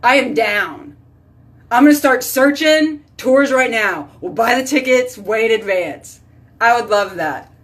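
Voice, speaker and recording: A woman's voice: fairly high pitch, lively intonation, unhurried, fairly bright tone, distant mic. Chatty sounding woman host. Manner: chatty, rambling, addresses viewers by name. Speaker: host reading live chat. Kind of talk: casual live-stream chat.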